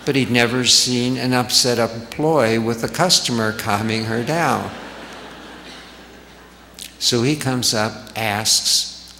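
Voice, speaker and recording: A man speaking slowly and gently, telling a story to a gathered audience. His voice is low and bright, and a long hall reverb surrounds it with a faint hiss. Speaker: spiritual speaker.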